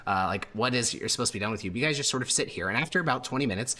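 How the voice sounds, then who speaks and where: A man narrating as game master for a tabletop campaign, relaxed and full of "uh" fillers. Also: mid-range voice, rapid-fire.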